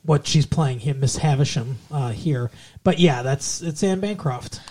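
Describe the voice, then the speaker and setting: A man's voice: a little high, unhurried, a little mellow. Teasing man hosting a podcast. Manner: joking, teasing, puts on silly accents. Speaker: podcast co-host. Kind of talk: casual chat.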